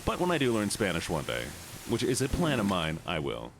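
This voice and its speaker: Casually chatting during gameplay, this young male streamer jokes around with his viewers, responds to chat, and keeps slipping into silly voices. His low voice is creaky, fairly quick, and swings hugely in pitch. Background noise comes through.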